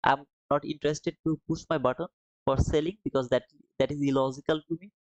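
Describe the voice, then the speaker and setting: A man's voice: a little high, steady tone, fairly quick. A man talks through a live trading stream, reading out chat messages and replying casually. He addresses viewers as brother and man. The sound is dull and dry, with no room echo. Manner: reads viewer comments aloud and answers them.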